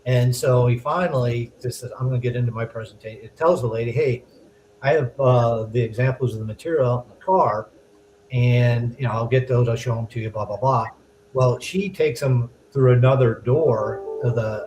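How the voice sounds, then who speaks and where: A man's voice: mid-range voice, a little hiss or hum, low-quality recording. A man co-hosting a podcast, telling a sales story casually and laughing as he goes. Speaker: co-host.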